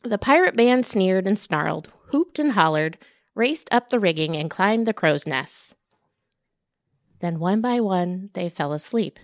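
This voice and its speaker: A woman, a children's librarian, reading a picture book aloud with playful shouts and whispers. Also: fairly low pitch, lively intonation, unhurried, dry recording, clean studio sound. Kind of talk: storytime read-aloud with character voices.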